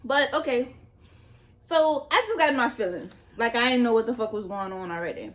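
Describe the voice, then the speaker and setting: A woman's voice: on the high side, expressive, normal speed. A young adult woman vlogger telling a candid, slangy story in casual chat as she eats, laughing at herself. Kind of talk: casual storytime while eating.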